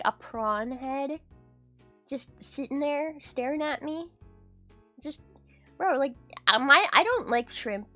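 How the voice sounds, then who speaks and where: Brief: woman streamer, bright and a touch high, rambling casual chat to her audience, with faint music behind. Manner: rambling, giggly, talks to chat.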